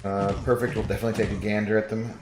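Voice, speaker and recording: A man's voice: lowish voice, little pitch movement, very fast, roomy sound, noisy background. A man streaming a video game, chatting casually and jokingly with viewers and reading their messages aloud.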